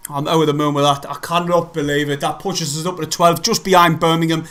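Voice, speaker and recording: A young man streaming live as a fan, excitable and swearing, swinging between shouts and weary mumbles, worn out. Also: fairly high pitch, brisk, hardly any pauses. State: exhausted after a tense match. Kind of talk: live match watch-along commentary.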